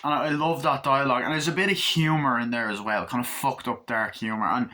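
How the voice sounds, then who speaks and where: A man giving a casual movie review, excited, swearing a lot and acting out scenes as he goes. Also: medium pitch, fairly quick. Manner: excited, profane, acts out scenes.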